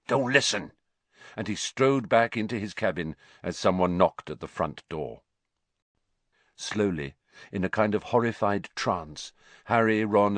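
A man narrating a story in an expressive storytelling manner. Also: deep voice, no echo. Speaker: audiobook narrator. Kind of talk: scripted narration.

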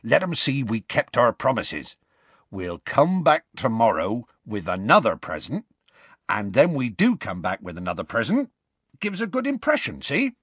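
Guy doing hagrid, big gruff half-giant, rough grammar, husky dry voice. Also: medium pitch, huge pitch swings, fairly bright tone, dry recording, heavily acted. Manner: rough colloquial grammar, slow homely storytelling.

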